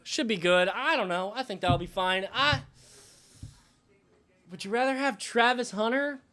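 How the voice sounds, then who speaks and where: A male live-stream host with a high, bright voice talks in a loose, casual way. He rambles and thinks out loud as he reacts, and breaks off to thank viewers. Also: measured pace.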